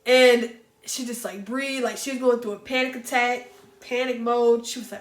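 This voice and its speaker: A woman's voice: a little high, normal speed. Chatty woman, echoey room. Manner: chatty and animated, addresses viewers as "y'all". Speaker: book reviewer. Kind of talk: casual book recommendation chat. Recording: echoey room with faint music.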